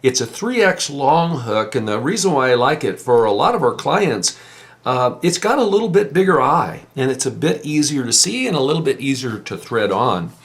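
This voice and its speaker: Man with a lively voice teaching fly tying. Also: medium pitch, normal speed. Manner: patient, plain-spoken, explanatory. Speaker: fly-tying instructor and fishing guide. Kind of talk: step-by-step instruction.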